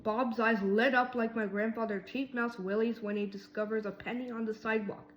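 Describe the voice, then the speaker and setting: Woman reading a kids' story aloud, slightly high voice, lively, in a roomy space. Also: a little fast, slight background noise. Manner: lively, voices each mouse character. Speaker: reader.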